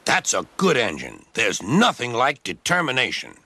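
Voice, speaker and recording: A man voicing a kindly but firm railway boss who speaks in a measured, fatherly way. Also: mid-range voice, huge pitch swings, sharp tone, exaggerated voice.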